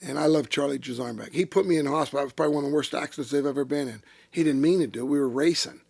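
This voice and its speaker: Older guy, gravelly, kinda high voice, cussing his way thru old racing stories, dry mic. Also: racing, no room sound. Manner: salty, profane, animated storyteller. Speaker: retired race car driver, interview guest. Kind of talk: casual storytelling interview. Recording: dry close-miked studio sound.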